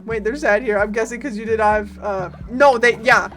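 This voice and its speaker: During a relaxed gaming stream, a woman chats with her audience in a fairly high voice at a moderate pace. She's lively and giggly, welcomes people in chat, and swears frequently, with game music in the background.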